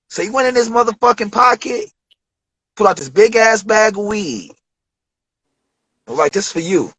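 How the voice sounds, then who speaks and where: A man's voice: high-pitched, fairly quick, husky, dry recording, poor audio. A man from Detroit telling studio stories in a casual interview, acting out the voices of the people he quotes and swearing freely. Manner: animated storyteller, acts out quoted voices, profane slang. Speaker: interview guest, rapper.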